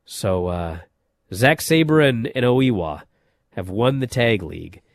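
A man hosting a casual wrestling chat, telling stories in an animated way with many fillers and restarts. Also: medium pitch, takes it slowly. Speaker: wrestling podcast host.

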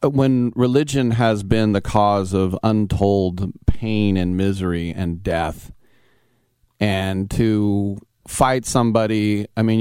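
Sports talk host, male, low-ish smooth voice, dry studio sound, wanders off on tangents. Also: dry recording. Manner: rambling, digressive, wry. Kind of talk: opinionated sports talk monologue. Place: radio studio.

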